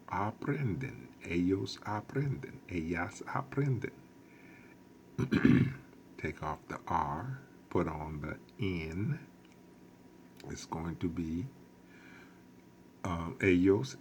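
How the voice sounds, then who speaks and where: Low gravelly guy teaching a lesson, slow and patient, repeats stuff a lot. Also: lively intonation, darkish tone, a little hiss or hum. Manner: slow, patient explaining with repetition. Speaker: Spanish teacher. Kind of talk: recorded classroom lesson.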